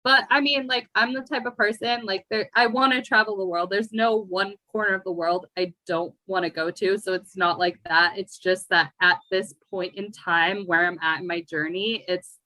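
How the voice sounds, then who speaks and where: A woman's voice: mid-range voice, fairly even intonation, normal speed, sharp tone, no room sound, rough recording. A young woman from the United States, chatting casually as a guest poet with lots of fillers. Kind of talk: casual conversation. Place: remote call from abroad.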